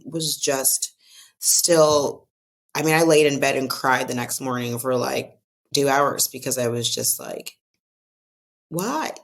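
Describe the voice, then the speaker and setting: A woman with an American accent telling a personal story in a casual podcast conversation, acting out the voices of the people she quotes. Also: low voice. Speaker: guest author.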